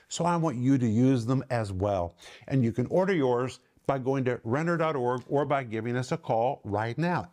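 A middle-aged man hosting and teaching the Bible on a ministry broadcast, earnest, slowing down and lifting his voice to stress key words. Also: medium pitch, darkish tone. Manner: earnest, slows and lifts his voice for emphasis.

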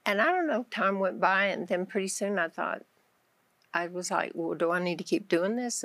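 A woman with a Texan accent tells her faith story on a Christian talk show, speaking in a low, gravelly voice. She tells it with animation, acting out her own prayers as she goes. The sound is dry and close, with no room echo. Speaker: guest author.

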